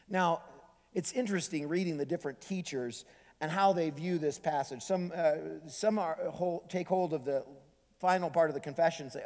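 A man's voice: high voice, measured pace. Preaching man with hall reverb. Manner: animated, swinging from loud emphasis to hushed near-whispers. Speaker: pastor. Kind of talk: sermon. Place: church sanctuary.

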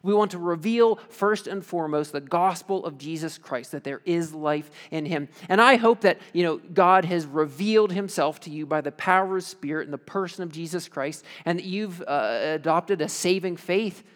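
A man preaching a sermon as pastor, casual and animated, telling stories with lots of fillers. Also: a little high, moderate pace, few pauses. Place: church sanctuary. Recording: long reverb of a church hall.

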